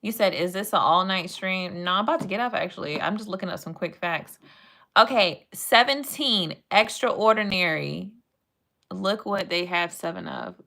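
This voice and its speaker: A woman's voice: medium pitch, normal speed, creaky, bright, forceful tone. A young woman chatting playfully with her live-stream chat and reading animal facts aloud.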